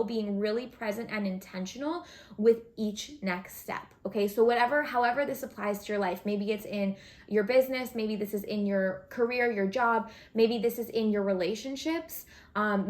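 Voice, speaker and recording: A woman giving a casual, chatty tarot reading to her viewers, thinking aloud with fillers as she pulls cards. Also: medium pitch. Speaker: tarot reader.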